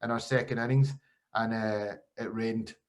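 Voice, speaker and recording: A man's voice: fairly low pitch, moderate pace. A man from Scotland, a podcast host and former cricketer, telling stories in a casual interview with quoted voices. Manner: animated storytelling with quoted voices.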